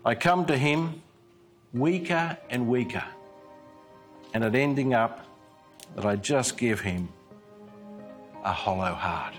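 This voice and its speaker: A man giving a scripted devotional presentation, telling it in an earnest, measured storytelling manner. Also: mid-range voice, expressive, soft background music. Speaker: Christian speaker.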